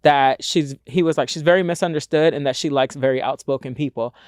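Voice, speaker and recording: Man, podcast host, animated storyteller, slightly high and dry, close-miked. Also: fairly quick, clean tone, dry recording. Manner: animated, acts out quoted voices in a high squeal. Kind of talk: casual storytelling chat.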